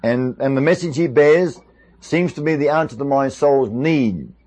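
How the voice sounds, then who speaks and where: A man's voice: medium pitch, normal speed, darkish tone, lightly acted. A preacher voicing an earnest, hesitant male churchgoer who stammers as he admits his doubts.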